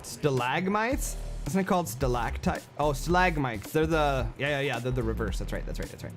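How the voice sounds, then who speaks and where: A man's voice: on the high side, sing-song, fairly quick. A man casually chatting on a game livestream, rambling and answering chat with lots of fillers and repeated words. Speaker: game streamer. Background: music.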